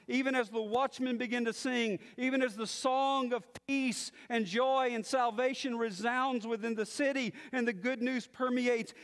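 A man preaching a sermon, moving from quiet musing to loud declaring. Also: very high-pitched, big-room sound. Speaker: pastor.

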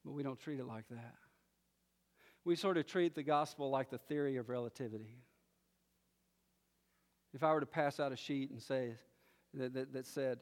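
A man preaching a sermon, moving from quiet musing to loud declaring. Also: mid-range voice, normal speed, pauses often, in a large hall. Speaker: pastor.

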